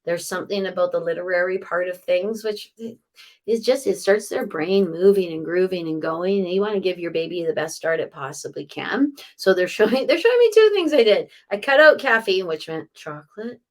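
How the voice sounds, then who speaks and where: In a fairly low voice, a middle-aged psychic medium chats through a live reading, sharing messages with her viewers and slipping in quick asides.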